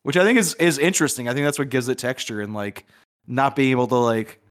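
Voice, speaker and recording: A man's voice: medium pitch, quick pace. A young man co-hosting a podcast, chatting casually about a film and rambling with lots of "like" fillers. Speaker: podcast co-host.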